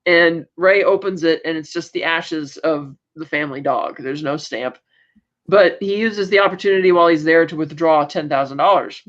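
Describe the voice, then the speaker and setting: Her voice sits low and moves at normal speed, captured with lo-fi sound. A woman co-hosting a podcast, she chats through a TV episode recap in a rambling way, with many fillers and quoted bits.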